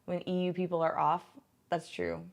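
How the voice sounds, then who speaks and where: A woman's voice: fairly low pitch, completely flat delivery, moderate pace, gravelly. A woman in her thirties, a livestreamer chatting casually with her viewers, rambling and filling her talk with "like". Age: 30s. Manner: rambling, heavy use of "like". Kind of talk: casual stream chat.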